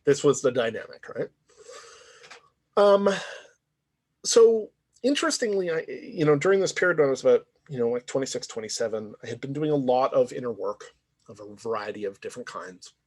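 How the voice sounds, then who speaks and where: A man's voice: mid-range voice, animated, a little fast, a little mellow. A man lecturing in a conversational, reflective way, often checking in with "right?". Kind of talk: university lecture.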